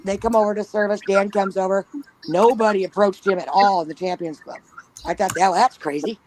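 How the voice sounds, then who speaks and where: A woman's voice: mid-range voice, fairly even intonation, brisk, darkish tone, slight background noise, poor audio. A woman telling a story in casual talk at home, blunt and swearing freely, often giggling. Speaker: panel guest. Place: at home with pets nearby. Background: dog snoring.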